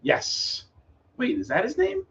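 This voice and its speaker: A man's voice: very high voice, huge pitch swings, takes it slowly, fairly bright tone, lo-fi sound. A man co-hosting a podcast, chatting casually. He talks hesitantly and agreeably, with frequent restarts. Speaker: podcast co-host. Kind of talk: casual chat.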